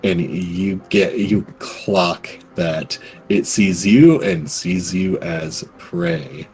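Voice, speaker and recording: A man narrating as game master of a tabletop game, casual and halting, with many fillers. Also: sits low, animated, gravelly, a little mellow.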